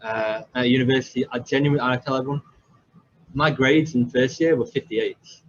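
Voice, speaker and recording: A young Englishman who hosts a podcast tells his own story casually, rambling and poking fun at himself with many fillers and restarts. His mid-range voice is steady and brisk. The lo-fi audio is slightly dull, with faint background noise.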